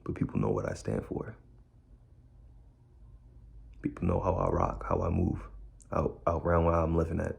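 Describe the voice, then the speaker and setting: A man's voice: deep voice, very animated, moderate pace, gravelly, long pauses, darkish tone. A man speaking bluntly and candidly in a streetwise way, repeating key phrases. He is indoors in a room of a borrowed house. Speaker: speaker sharing his story. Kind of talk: candid personal talk.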